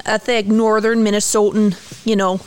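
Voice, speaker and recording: A woman's voice: medium pitch, flat delivery, moderate pace, clean tone. A woman co-hosting a casual chat show, teasing and laughing. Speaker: co-host.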